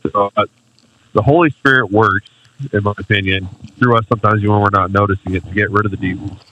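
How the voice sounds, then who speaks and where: Low bright-voiced man, lo-fi mic. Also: steady tone, fast talker, dry recording. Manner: reflective personal testimony. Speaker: podcast co-host. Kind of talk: casual faith talk. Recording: dull lo-fi mic.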